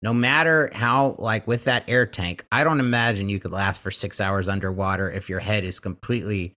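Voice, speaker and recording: A man's voice: on the low side, fairly even intonation, moderate pace, pushed and bright. A man co-hosting a podcast, chatting casually and retelling TV scenes with quoted lines. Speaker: podcast co-host. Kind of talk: casual chat recapping a TV episode.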